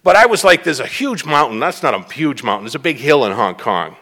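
A man's voice: mid-range voice, big pitch swings, brisk, sharp tone, long reverb tail. A middle-aged man from the Boston area giving a rambling, self-mocking personal talk at a recovery meeting.

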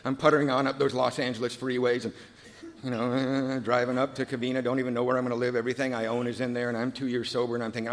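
A medium-pitched man who talks quickly shares his recovery story at a meeting. He performs the other people's lines with animation and becomes subdued and heartfelt when reflecting.

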